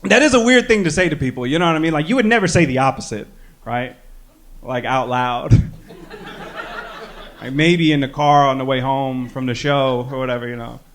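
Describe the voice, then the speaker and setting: A man's voice: medium pitch, normal speed. A young man doing a stand-up set on a club stage, talking in a loose, self-deprecating way with lots of "you know". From American Midwest. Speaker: stand-up comedian. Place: comedy club stage with audience.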